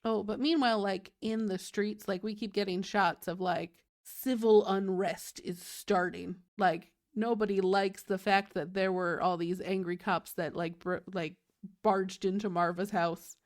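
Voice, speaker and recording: A woman's voice: mid-range voice, steady tone, measured pace. Chatty woman host, full of "likes". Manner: chatty, fills with "like" constantly. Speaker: podcast host. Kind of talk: casual chat recapping a show.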